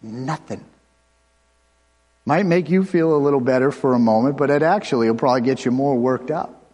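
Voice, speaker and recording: A man's voice: mid-range voice, darkish tone. Preaching man in a reverberant hall. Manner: conversational preaching with asides and quick runs. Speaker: pastor. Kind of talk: sermon.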